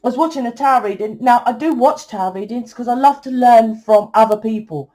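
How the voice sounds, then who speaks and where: A woman's voice: on the high side, brisk, mellow. A woman giving a tarot reading, talking in a blunt, preachy, casual way and swearing freely. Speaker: tarot reader.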